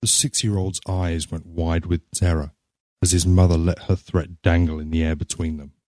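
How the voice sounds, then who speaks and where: A man reading a story aloud in a measured, grave narrating manner. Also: low voice, level tone, mellow, no room sound, studio quality.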